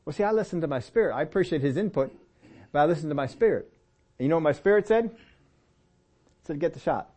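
A middle-aged man preaching a sermon, telling personal stories in a relaxed, conversational way and often rising in pitch to press a point. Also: fast, pauses often. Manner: conversational storytelling with lively pitch swings and laughs. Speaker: pastor.

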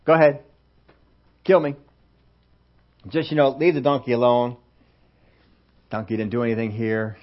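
A preacher plays a resigned man of God who talks flatly and matter-of-factly, giving up without a fight. The recording sounds muffled and lo-fi. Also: medium pitch, normal speed, long pauses, voice pushed down, lightly acted. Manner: flat, resigned, matter-of-fact. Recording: dull lo-fi sermon recording.

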